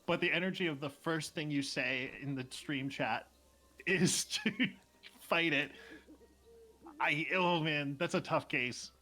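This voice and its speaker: A man chatting excitedly while playing a game live on stream, laughing often and reacting quickly. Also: a little high, faint music behind. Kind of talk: live gameplay chat.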